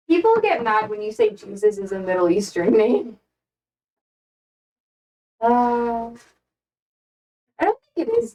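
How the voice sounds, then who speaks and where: A woman's voice: a little high, a little mellow. Young American woman streamer, playful and self-deprecating, slightly distant from the mic. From United States. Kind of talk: casual chat while repotting plants.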